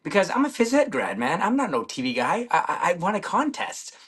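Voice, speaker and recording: A middle-aged man, a former music TV host, excitedly telling stories in a casual chat and often stammering over repeated words. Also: high-pitched, fairly quick, husky.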